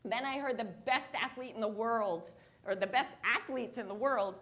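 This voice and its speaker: A woman giving a motivational conference talk, telling a personal story in an animated, lively way to an audience. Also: a little high, moderate pace. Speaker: motivational keynote speaker. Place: conference stage before an audience.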